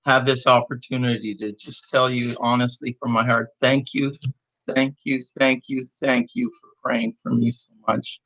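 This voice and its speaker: A man's voice: mid-range voice, level tone, bright, forceful tone, low-quality recording. A man leading a church devotional, speaking with heartfelt hesitation and reading scripture aloud while recovering from illness. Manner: slow, heartfelt, with hesitant restarts.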